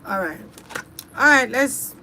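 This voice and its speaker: Woman host, casual rambling chat, swears freely, addresses viewers directly, a little high-pitched. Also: lively intonation, slow pace, sharp tone, slight background noise. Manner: loose, profane, chatty, talks straight to her audience. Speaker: online reader and host.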